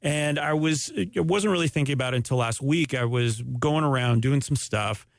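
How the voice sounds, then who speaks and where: A man hosting a casual podcast chat, pitching absurd business ideas in a deadpan way. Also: normal speed, gravelly, no echo, studio quality. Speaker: podcast host.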